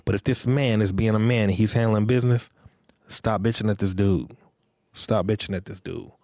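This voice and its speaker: A man's voice: on the low side, moderate pace, a little mellow, no room sound, clean studio sound. A man hosting a podcast, giving relationship advice in a blunt, profane, lecturing monologue and repeating phrases for emphasis. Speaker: podcast host.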